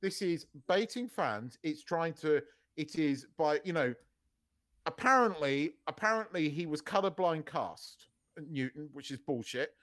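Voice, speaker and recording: A man's voice: on the high side, expressive, a little slow, a bit bright. Guy ranting on a podcast, voice swinging up and down, swears a lot, trips over words. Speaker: podcast co-host. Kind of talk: casual opinionated chat.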